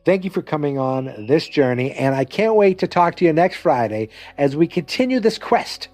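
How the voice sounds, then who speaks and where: A man's voice: fairly high pitch, very animated, moderate pace, hardly any pauses, darkish tone, faint music behind. A man hosting a solo podcast in a loose, upbeat, rambling way that keeps correcting itself. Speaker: podcast host.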